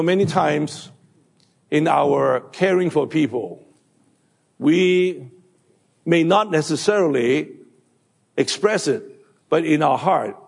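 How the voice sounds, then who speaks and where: A man preaching a sermon, halting with fillers and restarts. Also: a little high, creaky, a little mellow, husky. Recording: long hall reverb.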